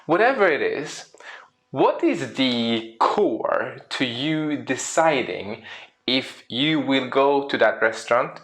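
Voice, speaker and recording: A man, a speaker and coach, giving a storytelling presentation, asking the audience questions and acting out little scenes. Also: mid-range voice. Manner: lively, acts out little scenes in quoted voices.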